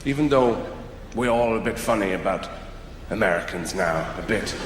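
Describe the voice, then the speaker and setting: Rambling comic in an echoey hall. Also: male voice, lowish voice, animated, slight background noise. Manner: rambling, halting, dry delivery. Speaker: stand-up comedian. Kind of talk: stand-up comedy set.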